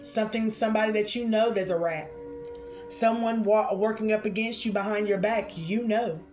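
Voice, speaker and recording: A woman doing a spiritual card reading for her viewers, expressive and chatty, calling them honey and y'all. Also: mid-range voice, moderate pace, soft background music.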